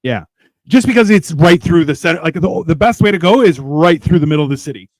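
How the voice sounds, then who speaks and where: A man's voice: a little high, expressive, quick pace, darkish tone, no echo, studio quality. A man telling rambling anecdotes in casual chat, acting out quoted lines in playful voices. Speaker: podcast co-host.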